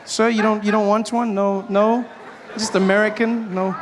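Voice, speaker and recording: A man with a South African accent performing stand-up comedy before a live audience, animated and acting out characters. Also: high-pitched, normal speed. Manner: animated, acts out characters with shouting voices. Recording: stage mic with audience noise.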